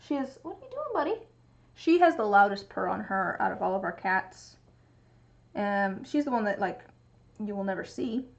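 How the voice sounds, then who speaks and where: Young woman chatting to her cat on a stream. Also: fairly high pitch. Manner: talks to her cat in a cooing baby voice. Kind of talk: casual livestream chat. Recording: muffled lo-fi stream audio.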